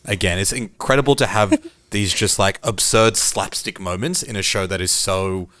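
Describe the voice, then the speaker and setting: Lively man co-hosting a podcast. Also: on the low side, normal speed, no room sound. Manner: enthusiastic, chuckles often. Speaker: podcast co-host. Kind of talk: casual podcast chat.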